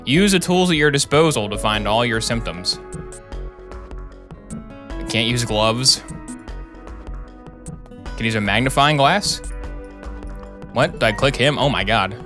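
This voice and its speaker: A man's voice: medium pitch, expressive, measured pace, long pauses, over music. A man streaming a game, reading its text aloud with chatty, sarcastic commentary. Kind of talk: casual gameplay commentary.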